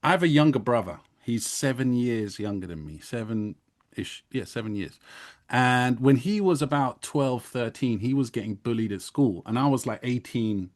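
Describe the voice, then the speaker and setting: A man's voice: medium pitch, normal speed. A man in his thirties, from England, co-hosting a casual podcast, laughing often and telling stories with slang. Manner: laughing, animated storytelling, London slang. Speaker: podcast co-host. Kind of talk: casual chat.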